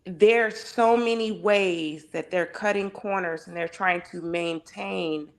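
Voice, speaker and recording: A woman in a casual panel discussion, her voice sitting on the lower side and moving at an unhurried pace. She argues with passion and fires off rhetorical questions one after another. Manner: impassioned, heavy on rhetorical questions.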